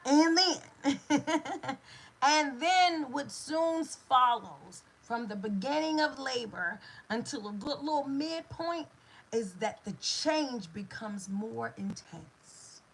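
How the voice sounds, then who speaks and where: A middle-aged woman gives a motivational talk as a doula and manifestation coach. She repeats her phrases like a preacher and drops into lively asides. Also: sits high, slow pace, slight background noise, poor audio.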